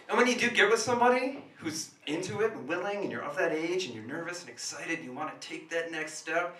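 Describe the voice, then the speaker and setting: A man performing a stand-up comedy monologue in a small café, telling an animated story that swings between hushed asides and sudden loud outbursts. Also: fairly high pitch, brisk, hardly any pauses, slight background noise. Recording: roomy café sound from a distant camera.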